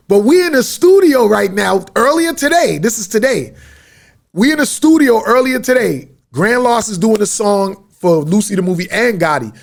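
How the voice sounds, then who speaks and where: Man, podcast host, high-pitched, gravelly, rambling slangy storytelling, studio. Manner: rambling, slang-heavy street talk. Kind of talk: casual storytelling monologue. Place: media studio.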